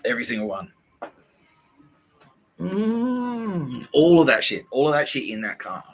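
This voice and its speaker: A man's voice: medium pitch, animated, fast talker, a little hiss or hum, poor audio. A man hosting a podcast, rambling through profane casual banter and laughing often. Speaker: podcast host.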